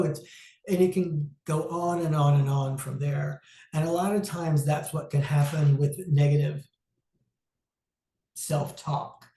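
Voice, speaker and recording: A man giving an informal, reflective talk on mental health, conversational and pausing with frequent "um"s. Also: a little high, warm tone. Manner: reflective, conversational, acts out inner self-talk; frequent "um" pauses. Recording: roomy echo.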